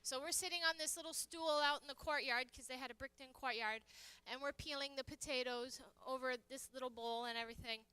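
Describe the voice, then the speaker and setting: An American guest chef gives a live cooking demonstration in a church hall kitchen, chatting and telling stories as she works. Her voice is high, bright, pushed and smooth, with a steady tone, a slightly fast pace and few pauses.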